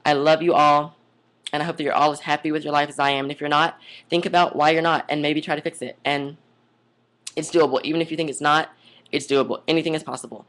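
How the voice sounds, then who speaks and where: A woman's voice: deep voice, steady tone, quick pace, a bit bright. A young adult woman vlogging in a casual monologue, chatty and gushing, rambling off onto tangents. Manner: gushing, says "oh my God" and "like" a lot.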